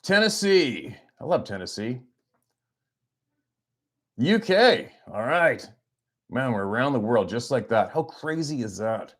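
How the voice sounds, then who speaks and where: A man's voice: mid-range voice, sing-song, takes it slowly, long pauses, fairly bright tone. A man hosting a hunting channel, chatting casually on a livestream from a farmhouse, playful and teasing. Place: small farmhouse at Christmas.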